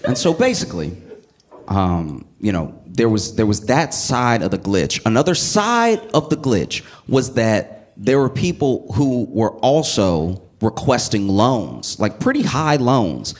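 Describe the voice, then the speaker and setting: A man telling a stand-up comedy bit with animated storytelling, the audience laughing along. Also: mid-range voice, a little slow.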